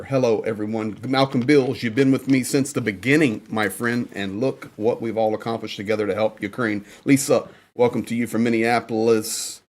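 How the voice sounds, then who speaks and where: A man hosting a casual livestream from Ukraine, reading out viewer names and greeting them one by one. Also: lowish voice. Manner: upbeat, reads out viewer names and shout-outs. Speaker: livestream host. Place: indoors in Ukraine.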